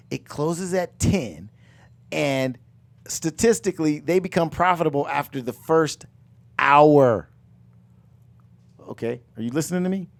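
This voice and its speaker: A middle-aged man hosting a live finance coaching talk, loud and emphatic, repeating his phrases and mixing in jokes. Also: on the high side. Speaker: real estate coach and show host.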